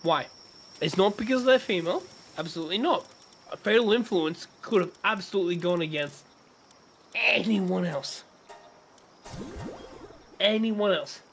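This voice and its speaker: A man's voice: sits high, brisk, slight background noise. A man chatting on a gaming stream, ranting with strong opinions and frequent swearing. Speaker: streamer co-host. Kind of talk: casual chat during a gaming stream.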